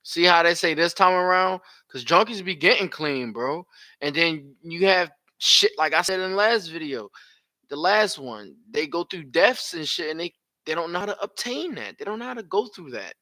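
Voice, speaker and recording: A young man giving blunt, profane live reaction commentary full of slang and loud outbursts. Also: on the high side, very animated, moderate pace, dry recording.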